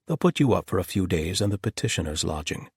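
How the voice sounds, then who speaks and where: A man's voice: low voice, very animated, fast talker, breathy edge, dry recording, clean studio sound, full character voice. A man voicing a blunt, exasperated male doctor who talks frankly and rants. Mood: kind.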